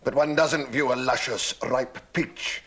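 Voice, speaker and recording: An actor playing a lecherous, wealthy lord who talks in a suggestive, oily way. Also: male voice, mid-range voice, steady tone, a little slow, a bit bright, slightly rough. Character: lecherous wealthy male lord, smooth-talking.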